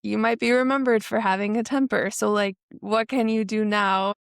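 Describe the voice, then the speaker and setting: A woman's voice: medium pitch, flat delivery, moderate pace, gravelly, smooth, no room sound, studio quality. A woman hosting a podcast interview, speaking in a reflective, affirming way. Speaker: podcast host. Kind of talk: interview conversation.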